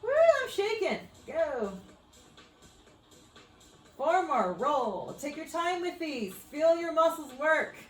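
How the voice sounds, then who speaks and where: A woman's voice: high voice, expressive, slow pace, long pauses, echoey room, faint music behind, rough recording. Upbeat woman coaching a workout. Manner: upbeat, cheering with whoops, shaky while exercising along. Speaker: fitness coach. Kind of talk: workout instruction.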